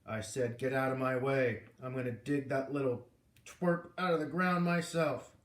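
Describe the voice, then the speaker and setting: A man's voice: medium pitch, steady tone, moderate pace, natural voice. A man putting on a raging pompous executive. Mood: enraged. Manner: hissing, snapping, bullying. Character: blustering furious male corporate executive. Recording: roomy echo.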